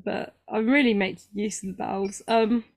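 A woman's voice: medium pitch, fairly even intonation, moderate pace, no room sound. Young woman host, casual and rambling, self-deprecating, mid-range voice, dry close recording. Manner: chatty, rambling, self-mocking, lots of ums. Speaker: podcast host. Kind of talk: casual chat.

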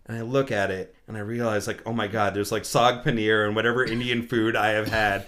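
A man's voice: on the low side, level tone, brisk, hardly any pauses, a bit bright. A young American man telling a long story in casual chat, rambling with many "like"s and "you know"s, laughing as he goes and acting out his own lines. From United States.

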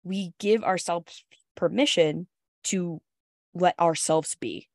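A woman's voice: fairly low pitch, takes it slowly, dry recording, studio quality. A woman hosting a podcast as a coach, talking frankly and casually, laughing often and swearing freely.

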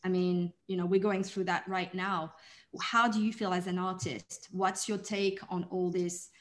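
A woman's voice: fairly low pitch, flat delivery, normal speed. Chatty woman interviewer. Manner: chatty, many fillers. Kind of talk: interview conversation.

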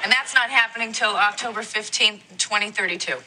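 Actress as quirky Phoebe, noisy clip. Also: female voice, mid-range voice, a little fast, lightly acted. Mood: deadpan. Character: quirky offbeat young woman, sweetly dark humor. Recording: loud clicky noise on a played clip.

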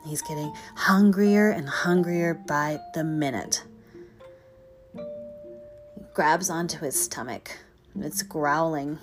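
A woman telling a myth in an expressive storytelling voice that sometimes drops to a whisper. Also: sits low, takes it slowly, pauses often. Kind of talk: dramatic storytelling. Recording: guitar music behind.

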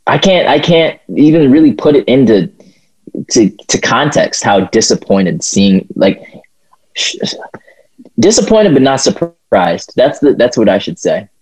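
A young man co-hosting a casual podcast, his voice swinging widely in pitch as he gets worked up. The tone is slightly husky, and he swears freely and trips over restarts while ranting. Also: measured pace, rough recording. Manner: animated, swearing, stumbling restarts, laughs often. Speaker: podcast co-host. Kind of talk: casual chat.

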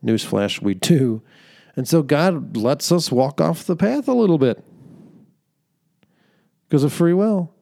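A man's voice: on the high side, animated, takes it slowly, creaky, pauses often, warm tone. A young man hosting a podcast, telling an earnest faith-based story with fillers and laughter. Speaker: podcast host. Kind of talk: faith-based reflective monologue.

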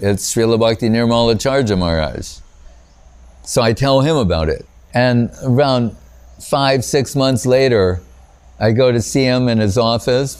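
A man's voice: mid-range voice, a little mellow, clear, resonant tone. A man with a mid-range voice gives an informal spiritual talk as a teacher. He rambles through anecdotes, often breaking off mid-thought and restarting, with "you know" scattered throughout. He chuckles at his own stories.

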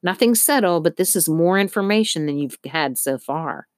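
A tired but kind woman who runs a family shelter, as a narrator reads her in a storybook. She talks gently and wearily, in a low voice with a dry, close sound. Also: animated, moderate pace, dry recording, natural voice. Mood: weary. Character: weary shelter director woman, kindly.

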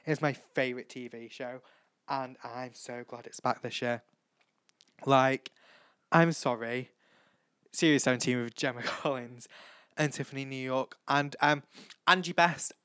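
A man's voice: mid-range voice, fairly even intonation, a little slow, long pauses, sharp tone, smooth, no echo, clean studio sound. A young man hosting a solo podcast, gushing and rambling and swearing freely. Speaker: podcast host. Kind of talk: casual solo podcast chat.

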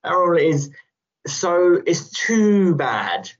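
A man's voice: high-pitched, very animated, slow pace. Rambling man chatting, dull lo-fi sound. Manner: rambling, laughs often, playful. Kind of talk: casual chat.

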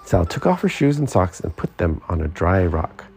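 A man reads a children's picture book aloud with a lively, sing-song rise and fall. His voice is mellow and dark, with a gravelly crackle running through it. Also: low voice, moderate pace, soft background music. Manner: expressive, sing-song storytelling. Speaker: storybook reader.

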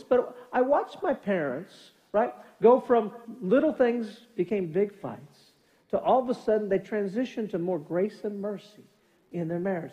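A middle-aged man preaching a sermon as pastor, telling animated family stories and acting out quoted lines. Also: high voice, lo-fi sound. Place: church sanctuary. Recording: long church hall reverb.

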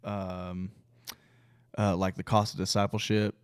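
Earnest man, low voice, dry mic. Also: level tone, unhurried, clear, resonant tone, no echo. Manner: earnest, self-deprecating. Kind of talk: casual chat.

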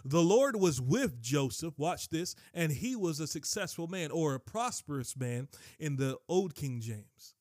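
A man preaching a sermon, emphatic and animated, with frequent asides to the listeners and bursts up to shouting. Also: on the high side, unhurried, dry recording, clean studio sound. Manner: frequent asides to the congregation like "watch this".

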